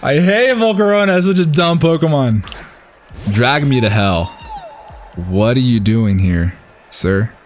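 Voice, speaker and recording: A man's voice: mid-range voice, unhurried, long pauses, soft background music. A man casually commentating his own competitive match, thinking aloud and cheering his plays. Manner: excitable, thinks aloud, talks to the opponent.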